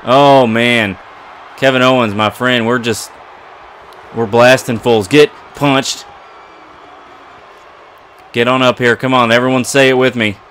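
Excitable man commentating a wrestling game. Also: mid-range voice, slight background noise. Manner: excitable, trash-talking the opponent. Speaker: gaming commentator. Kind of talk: let's play commentary.

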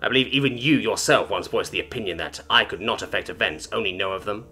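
A man's voice: on the low side, fast, sharp tone, breathy edge, faint music behind, exaggerated voice. A man reading as a haughty alien broker woman. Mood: weary, haughty. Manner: clipped, formal, disdainful. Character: haughty cold female alien information broker. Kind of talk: storybook reading.

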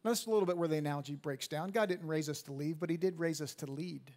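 A man in his fifties, a pastor preaching a sermon in a church, swinging from hushed to loud emphatic peaks and repeating words as he restarts. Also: on the high side, quick pace. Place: church sanctuary at a live service.

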